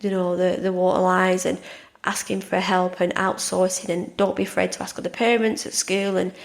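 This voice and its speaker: Chatty woman with a gravelly edge. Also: on the low side, little pitch movement, normal speed. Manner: chatty, repeats words and restarts often. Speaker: podcast host and life coach. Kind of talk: casual monologue.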